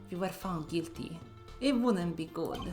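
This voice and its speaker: A woman puts on a stern old mob boss who talks slow, low and menacing, with a put-on Russian-sounding accent. The voice sinks well below her own, with faint game music underneath. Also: lively intonation, a little mellow, lightly acted. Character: gruff older male mob boss, stern.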